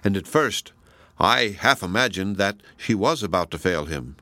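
A man reading a classic novel aloud as audiobook narration, in a measured, deliberate way. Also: deep voice, animated, bright, forceful tone, dry recording, clean studio sound. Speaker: audiobook reader. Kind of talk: scripted narration.

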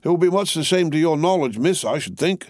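Hoarse gruff servant guy, as a male reader puts him on, rough and blunt, storybook voice. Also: on the high side, animated, brisk, no echo, clean studio sound, voice pushed up, natural voice. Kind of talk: audiobook character voice.

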